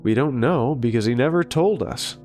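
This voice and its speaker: Guy putting on a worried asparagus dad, voice a bit higher, frets fast. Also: darkish tone, soft background music, natural voice. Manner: anxious, fretful questioning. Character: worried father asparagus, cartoon vegetable.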